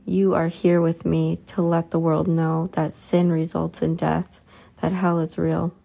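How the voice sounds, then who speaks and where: A woman's voice: sits low, little pitch movement, measured pace, gravelly, warm tone, full character voice. A woman reading aloud the words of Jesus, a sorrowful but stern grown man, in her own plain voice. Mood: solemn.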